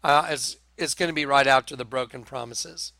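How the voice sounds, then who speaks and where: A man preaching an online show-and-tell monologue, talking slowly and emphatically, repeating phrases and calling his viewers folks. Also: mid-range voice, gravelly, bright, forceful tone, no room sound. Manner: repetitive, insistent, addresses viewers as folks.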